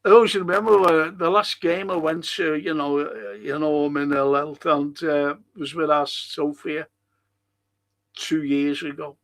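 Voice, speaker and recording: An older man hosts a podcast, chatting in a rambling way as he reads and answers listener messages. His slightly high voice is creaky and a bit bright, delivered flatly and a little slowly.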